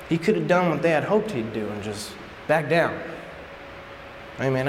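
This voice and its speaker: A man preaching a casual sermon in an animated, joking way, acting out scenes, in an echoey hall with faint background noise. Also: fairly high pitch, moderate pace, long pauses. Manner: animated, joking, acts out quotes.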